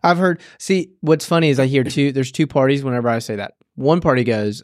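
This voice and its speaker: A man's voice: mid-range voice, brisk, no echo, clean studio sound. A man co-hosting a podcast in casual chat, joking and easygoing, who works with church youth. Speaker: podcast co-host and youth minister.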